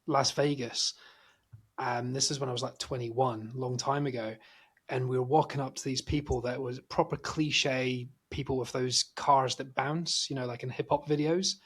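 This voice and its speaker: Husky-voiced man hosting a chat. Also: mid-range voice, fairly even intonation, moderate pace. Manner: chatty anecdotes with filler words. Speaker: podcast host. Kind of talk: casual chat. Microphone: video call.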